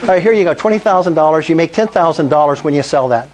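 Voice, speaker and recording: Upbeat older man pitching to a room. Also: animated, quick pace, darkish tone, a little hiss or hum. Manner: enthusiastic, asks the audience many questions. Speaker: meetup presenter. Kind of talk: sales presentation to a live group.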